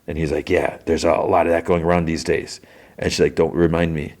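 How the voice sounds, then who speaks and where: A young man hosting a podcast, casually retelling TV scenes and slipping into quick character voices with lots of "he's like". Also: extremely low pitch, level tone, darkish tone. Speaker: podcast host recapping a TV episode.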